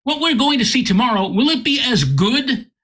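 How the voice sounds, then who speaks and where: A man mimicking a polite, curious British airline passenger in an imitated British accent, raising his pitch for the part. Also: very animated, normal speed, a bit bright, slightly rough, full character voice. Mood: earnest.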